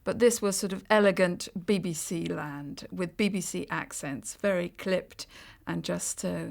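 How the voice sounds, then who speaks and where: A woman's voice: on the low side, unhurried, vocal fry. A woman speaking frankly and with strong opinions in a TV interview. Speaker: actress being interviewed.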